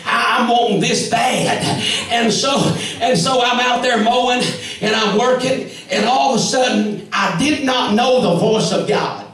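A man with a Southern US accent preaching a testimony sermon, shouting and punctuating his story with "come on" and "amen.". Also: extremely high pitch, normal speed. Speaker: evangelist preacher. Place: church sanctuary. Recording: echoey church from far off.

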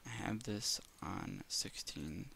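A man's voice: low-pitched, expressive, takes it slowly, vocal fry, bright, forceful tone, a little hiss or hum. A man rambling nervously while playing a horror game, often muttering in fright. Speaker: let's play gamer.

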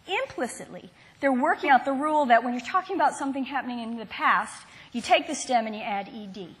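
A woman's voice: fairly high pitch, brisk. A woman from the Southern United States giving a university lecture, engaging and quizzing her audience.

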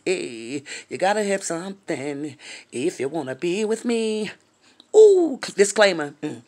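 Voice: medium pitch, very animated, unhurried, darkish tone. Vlogger, sassy gossip, drawling, chatty, addresses viewers directly, occasional whispered asides. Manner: drops to a whisper for racy gossip. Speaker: vlogger reacting to a reality show.

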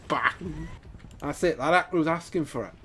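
A man giving excitable live commentary over his own gameplay, laughing and taunting opponents. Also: on the high side, takes it slowly, slight background noise. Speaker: gaming YouTuber.

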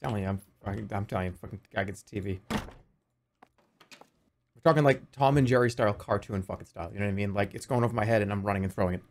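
A man in his thirties playing a video game, swearing and swinging between low mutters and excited yelps. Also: fast, a little hiss or hum. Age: 30s. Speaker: streamer. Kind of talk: let's play commentary.

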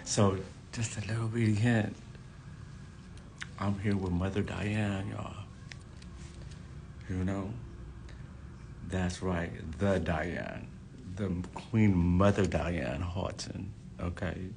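A man's voice: low voice, fairly even intonation, takes it slowly, creaky, pauses often, background noise. A hairstylist talking to his followers in a casual, effusive vlog, gushing and repeating himself.

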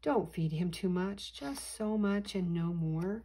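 A woman voicing a weary old male fish-shop keeper who scolds softly in a storybook read-aloud. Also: fairly low pitch, lively intonation, slow pace. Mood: weary scolding.

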